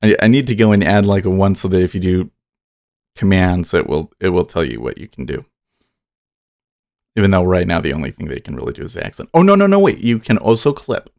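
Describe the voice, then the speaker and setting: A man with a very low voice hosts a casual trading livestream. He rambles, teases himself and reads out chat comments in an easygoing, unscripted way. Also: big pitch swings, a little fast, creaky, darkish tone, dry recording, clean studio sound. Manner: rambling, self-deprecating, reads chat aloud. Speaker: day trading livestream host. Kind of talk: casual live-stream chat.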